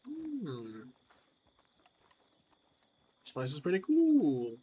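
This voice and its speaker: A man's voice: medium pitch, normal speed, a bit bright. A man giving let's-play commentary, chatty and wry, talking to himself as he explores. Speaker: gamer.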